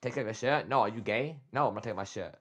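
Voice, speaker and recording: Excitable bright-voiced young streamer man. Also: lowish voice, fast talker. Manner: excitable, trash-talks chat, repeats "bro". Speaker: streamer reacting to a video. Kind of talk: casual livestream reaction talk.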